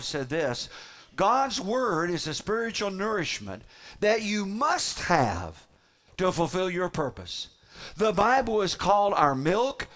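A man delivering a sermon as a pastor, preaching emphatically with dramatic pauses and repetition. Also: high-pitched, a bit bright.

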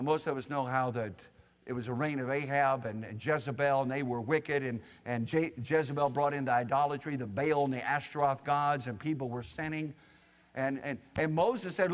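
Man preaching, folksy and joking, high voice, long hall reverb. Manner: folksy and joking, addressing the congregation directly. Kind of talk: sermon.

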